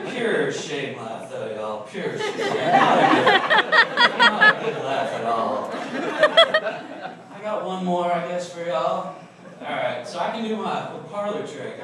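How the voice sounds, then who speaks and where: A fairly high-voiced man rattles through profane stand-up stories at a bar open mic. The sound is distant and very echoey, with room noise clearly audible behind him. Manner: loud, profane, rambling anecdotes. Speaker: stand-up comic. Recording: echoey bar taped from far off, crowd noise.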